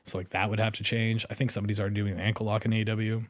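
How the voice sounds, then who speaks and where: A man's voice: fairly low pitch, little pitch movement, racing, no echo. A man in his thirties, a wrestler as guest, telling stories in a casual studio interview and laughing often as he talks. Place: podcast studio.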